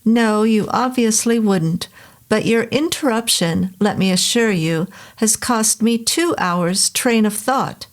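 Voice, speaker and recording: A woman's voice: fairly high pitch, takes it slowly, pitched above the performer's own voice. Storybook role: woman voicing a testy, condescending New England professor, middle-aged man, lecturing. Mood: irritated, lofty. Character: irritable pompous middle-aged male professor.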